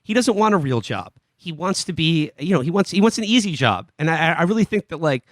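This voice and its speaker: A man co-hosting a casual comedy podcast, recapping a film plot in a halting way with lots of fillers and restarts. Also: fairly high pitch, very animated, fairly bright tone, dry recording, studio quality. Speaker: podcast co-host.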